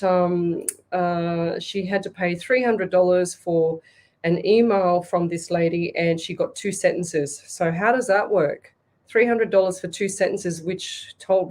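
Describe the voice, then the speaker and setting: On her live online call-in psychic reading show, this Australian medium and radio host reads out comments from viewers. She talks with blunt passion in a mellow, fairly low voice, often tripping up and starting sentences over.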